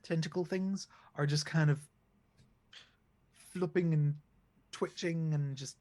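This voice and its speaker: A man's voice: a little high, steady tone, slow, a little mellow. A man serving as game master, narrating a tabletop game in rambling, searching descriptions.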